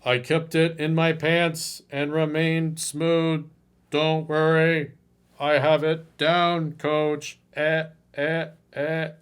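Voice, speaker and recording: A man putting on a stiff, robotic gentleman suitor. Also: on the high side, level tone, clear, resonant tone. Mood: stiff solemn. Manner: slow, robotic, solemn. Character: stiff overly polite young male suitor.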